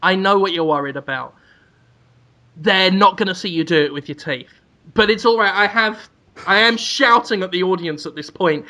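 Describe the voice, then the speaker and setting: A man's voice: high voice, moderate pace, bright, forceful tone. A man co-hosting a comedy podcast, rambling through absurd, crude scenarios. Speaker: podcast co-host.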